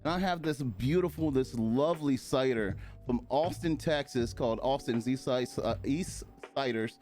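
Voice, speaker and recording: A man's voice: medium pitch, moderate pace, darkish tone, faint music behind. A man from Maryland hosting a casual chat over drinks, upbeat and chatty, laughing easily. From Maryland, USA. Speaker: podcast host.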